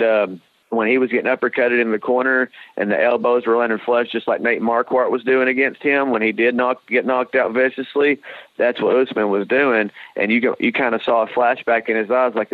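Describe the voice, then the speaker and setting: A man's voice: mid-range voice, no room sound. A man co-hosting a fight podcast, talking casually in a rambling way with lots of restarts and blunt swearing. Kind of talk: casual sports talk. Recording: dry tinny phone-like sound.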